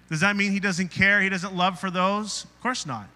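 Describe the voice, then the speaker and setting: Bright-voiced pastor preaching in a hall. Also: male voice, high voice, steady tone, normal speed. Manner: conversational, asks the congregation questions; acts out quoted voices in retelling. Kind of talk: sermon. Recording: reverberant hall.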